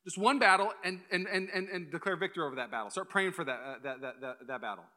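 A young male pastor preaches in quick, energetic bursts, his voice bright and forceful. He keeps slipping into playful asides before driving the point home, pitched a touch high for a man. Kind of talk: sermon. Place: church hall.

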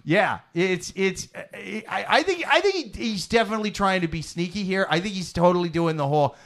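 A man hosting a comedy podcast, chatting casually and animatedly, swearing freely and slipping into loud mock voices. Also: sits high, expressive, moderate pace. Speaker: podcast host.

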